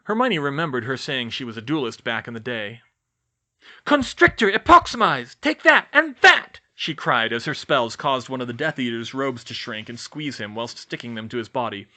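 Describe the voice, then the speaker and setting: A man narrating a fan fiction audiobook in a lively, expressive reading. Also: mid-range voice, brisk, few pauses. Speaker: audiobook reader.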